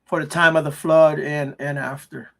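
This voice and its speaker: Opinionated guy chatting on a stream, sure of himself, slightly high voice. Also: flat delivery, moderate pace, vocal fry, a bit bright. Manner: confident, opinionated about religion. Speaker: livestream co-host. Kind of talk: casual chat.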